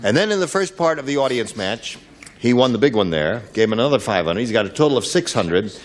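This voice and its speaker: A man hosting a game show in a TV studio, chatting with contestants and tossing off quick jokes. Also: medium pitch, lively intonation. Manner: joking, quick quips with the panel. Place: television studio. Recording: studio audience and music. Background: audience laughter and music.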